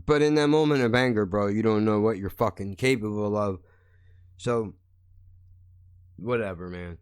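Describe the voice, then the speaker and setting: A man's voice: lowish voice, moderate pace, clear, resonant tone, no room sound. Podcast host, male, heated profane rant, close dry mic. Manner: blunt, heated, swears constantly. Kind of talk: angry profane monologue.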